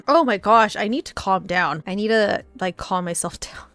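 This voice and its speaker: A woman's voice: mid-range voice, big pitch swings, unhurried, creaky, a bit bright, dry recording. A woman reading a novel aloud and reacting as she goes. She often laughs, squeals and breaks off mid-sentence.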